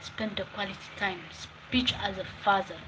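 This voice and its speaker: A woman's voice: medium pitch, steady tone, normal speed. A woman talking casually as she cooks at home, giving advice and repeating her phrases, with some Italian words mixed in. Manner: talks while cooking, repeating phrases, mixing in Italian words. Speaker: home cook vlogger. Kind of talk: casual cooking vlog with advice. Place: home kitchen. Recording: noisy kitchen with clattering dishes.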